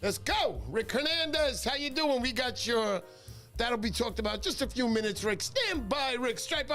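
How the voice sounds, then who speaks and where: A middle-aged man hosting a fishing livestream, exuberant and loud, shouting viewers' names and joking with his wife. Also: very high voice, animated, normal speed, faint music behind. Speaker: fishing show host. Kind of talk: excitable livestream chat.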